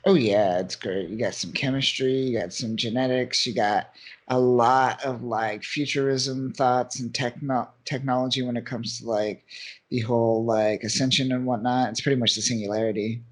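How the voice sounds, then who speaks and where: A man's voice: mid-range voice, steady tone, normal speed. Laid-back man recapping comics. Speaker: podcast co-host. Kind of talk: casual comic book chat.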